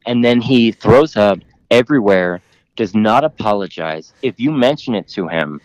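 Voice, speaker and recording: A man's voice: on the low side, expressive, normal speed, a little mellow, dry recording, low-quality recording. A man in his thirties, a podcast guest telling a long story in a rambling way, with many fillers and lots of swearing. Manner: rambling, filler-heavy, laughs often, profane. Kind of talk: casual storytelling.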